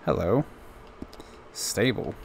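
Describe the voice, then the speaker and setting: Casual male streamer, animated, rambling curious asides. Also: lowish voice, takes it slowly, creaky, a little hiss or hum. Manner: chatty, curious, thinks aloud. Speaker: gamer. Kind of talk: let's play commentary.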